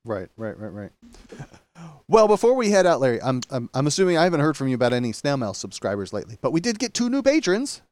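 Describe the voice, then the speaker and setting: A man's voice: mid-range voice, huge pitch swings, fast, darkish tone, no room sound. A man hosting a podcast in casual chat, easygoing and agreeable. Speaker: podcast host.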